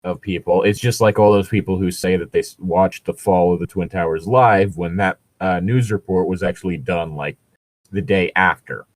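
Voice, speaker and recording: A man's voice: low voice, moderate pace, no room sound. A man co-hosting a comedic fanfiction reading, chatty and explaining things at length. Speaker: podcast co-host reading aloud.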